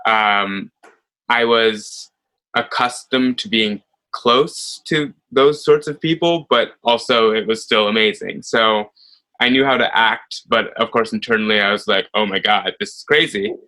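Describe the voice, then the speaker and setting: A man in his thirties with an American accent, a ballet dancer telling stories in an interview, animated and full of fillers. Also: fairly low pitch, a little slow, rough recording. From United States. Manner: animated storytelling with frequent fillers and laughs. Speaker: ballet soloist guest. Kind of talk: conversational interview.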